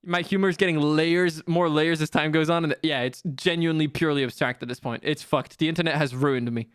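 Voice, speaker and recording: High, clear-voiced excitable male streamer. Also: brisk, no echo, clean studio sound. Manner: excitable, swears a lot, self-mocking. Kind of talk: casual live-stream commentary.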